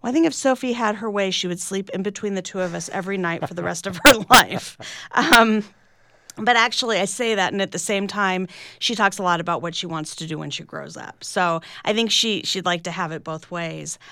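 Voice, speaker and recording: A woman's voice: mid-range voice, fairly quick, vocal fry, pushed and bright, no echo. A middle-aged woman, an author talking candidly and reflectively in a radio interview, often restarting her sentences. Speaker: author and guest.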